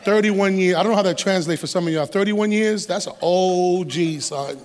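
Middle-aged man, guest preacher, lively streetwise sermon, high-pitched, echoing church hall. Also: moderate pace. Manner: animated, streetwise humor, acts out quotes. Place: church sanctuary.

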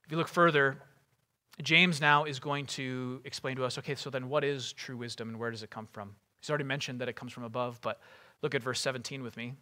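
A man's voice: mid-range voice, fairly even intonation, brisk, pushed and bright. A man preaching a sermon in a casual way, full of fillers and asides.

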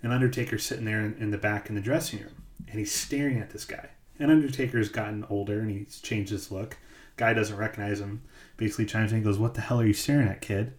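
A man's voice: lowish voice, fairly even intonation, fast, reverberant. A man co-hosting a podcast, telling stories in casual chat with lots of ums and likes. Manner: rambling storyteller, many ums and likes. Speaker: podcast co-host.

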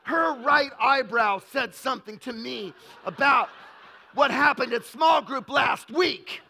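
Indignant young woman, exasperated, loud, put on by a man. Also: very high-pitched, slow pace, gravelly, heavily acted. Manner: exasperated, shouting. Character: indignant young woman complaining to her boyfriend.

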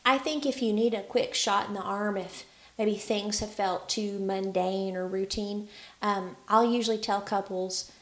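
A woman's voice: medium pitch, steady tone, measured pace, roomy sound. A woman telling stories in a casual chat about relationships, laughing often as she talks. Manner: chatty storyteller, laughs often.

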